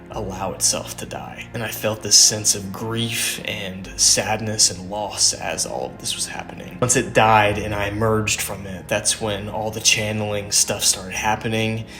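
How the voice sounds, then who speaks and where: A man calmly narrating his own experience in a reflective voice-over. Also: fairly low pitch.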